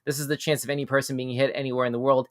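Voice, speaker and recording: A man hosting a live news reaction stream. He reads weird news items aloud and breaks off for quick jokes and asides, often tripping over and repeating his words. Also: medium pitch, no room sound, studio quality. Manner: stumbles and repeats words when excited. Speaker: show host.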